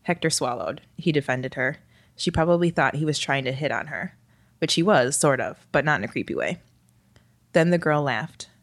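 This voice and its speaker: A woman reads a story aloud with a wry, lightly expressive delivery. Her voice sits very low for a woman, and the recording is dry and close, with no room sound. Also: moderate pace, no echo. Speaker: narrator. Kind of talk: scripted storytelling narration.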